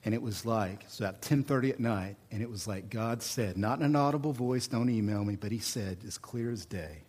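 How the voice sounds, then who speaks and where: A middle-aged pastor from Oklahoma with an Oklahoma accent, preaching a folksy, animated sermon full of humor and repetition. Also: male voice, mid-range voice, moderate pace, slightly rough.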